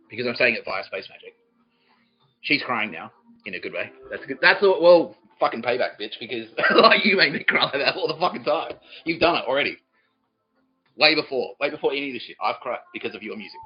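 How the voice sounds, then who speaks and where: Male podcast host; profane, rambling comic monologue; slightly muffled recording with faint music. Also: medium pitch. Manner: profane, rambling, laughs mid-sentence.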